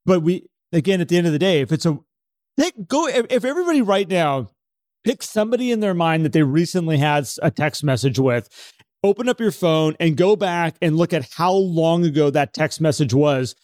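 Animated man acting out phone reactions. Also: a little high, a little fast, no room sound, clean studio sound. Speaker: podcast co-host. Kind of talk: casual podcast chat.

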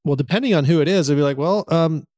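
A man's voice: on the high side, fast, darkish tone, no room sound, studio quality. A man co-hosting a podcast in casual chat, giving firm opinions and laughing between points. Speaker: podcast co-host.

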